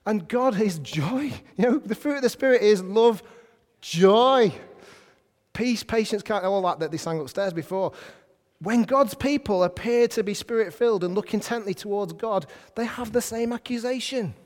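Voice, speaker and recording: A man preaching a sermon to a congregation in a lively, conversational way, often putting questions to them. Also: high voice, moderate pace. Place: church hall. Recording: hall reverb.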